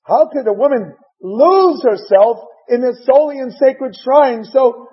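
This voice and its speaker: A rabbi giving a sermon, retelling scripture in a dramatic, emphatic storytelling manner. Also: male voice, very high-pitched, a little slow, hardly any pauses. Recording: dull lo-fi recording.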